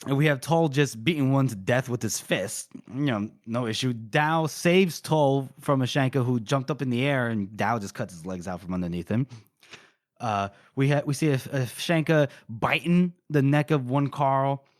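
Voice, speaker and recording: A male podcast co-host retells a book chapter in casual, lively chat. He gets excited and rushes his narration whenever a fight comes up. The close mic sounds dry, with no room echo. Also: medium pitch. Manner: excitable, narrates battles fast and acts out characters' lines.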